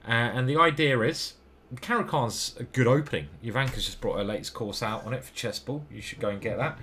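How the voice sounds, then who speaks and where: Rambling English chess commentator. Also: male voice, mid-range voice, fairly quick, fairly bright tone, slight background noise. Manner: rambling, self-deprecating, swears casually. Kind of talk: casual commentary over his own games.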